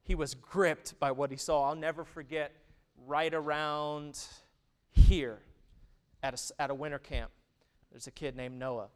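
A man in his thirties preaching a sermon, who moves from loud, emphatic stretches to hushed, intimate ones. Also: a little high, steady tone, a little slow, smooth. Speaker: pastor.

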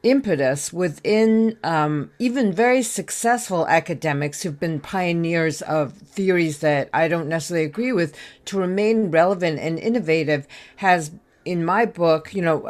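An American woman speaking on a panel discussion, thoughtful but halting, with many ums and restarts. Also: low voice, darkish tone. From United States. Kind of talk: remote discussion contribution.

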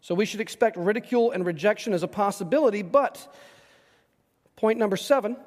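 A man preaching an expository sermon, animated and emphatic, acting out the voices of the people in the passage and asking rhetorical questions. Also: sits high, brisk, in a large hall. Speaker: pastor.

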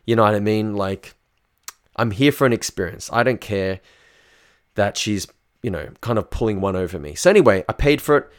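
A man's voice: lowish voice, lively intonation, moderate pace. A young man telling a personal story in a loose, chatty, profane way. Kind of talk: casual storytelling.

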